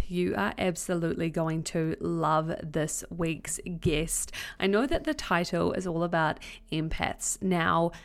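A woman's voice: lowish voice, creaky, a bit bright. A young woman with a New Zealand accent hosting a podcast, talking in an enthusiastic, effusive way. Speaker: podcast host. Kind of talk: casual podcast interview.

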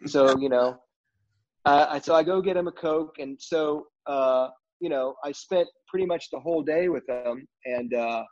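A man's voice: a little high, moderate pace, a little mellow. A middle-aged man from film crews, casually telling a rambling story full of "you know" fillers. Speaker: film crew guest. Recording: dull lo-fi recording.

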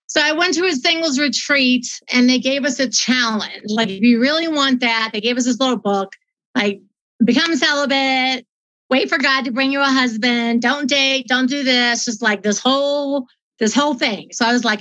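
A woman's voice: high voice, moderate pace, pushed and bright. A middle-aged woman from the United States telling a heartfelt personal faith story in a chatty way, often close to tears. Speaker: guest. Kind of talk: emotional personal testimony. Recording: dull lo-fi audio.

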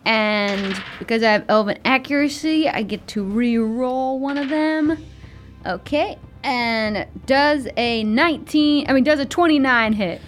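A woman playing a tabletop game, playful and quick to laugh. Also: a little high, soft background music. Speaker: player.

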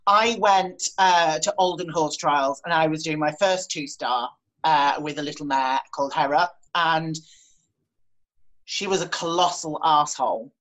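A young adult woman telling a story in casual chat, animated and laughing, with plenty of swearing. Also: sits low, a little slow, rough recording. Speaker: guest, horse rider.

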